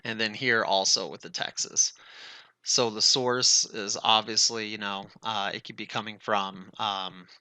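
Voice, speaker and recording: A man's voice: lowish voice, little pitch movement, a little slow, sharp tone, clear, resonant tone, no echo. A man giving a casual screen-recorded networking tutorial, chatty and thinking aloud as he addresses the viewers as guys.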